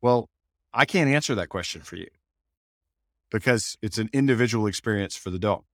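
Brief: male host, fairly low voice, dry close mic, easygoing storyteller. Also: moderate pace, dry recording. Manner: relaxed, tells anecdotes, asks guiding questions. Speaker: podcast host, dog trainer. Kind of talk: casual podcast discussion.

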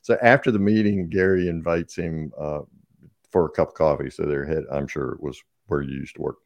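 A man in his sixties, a podcast guest who tells stories in a relaxed conversational way and laughs often. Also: extremely low pitch, brisk, no echo. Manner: warm storyteller, laughs often. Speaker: guest speaker.

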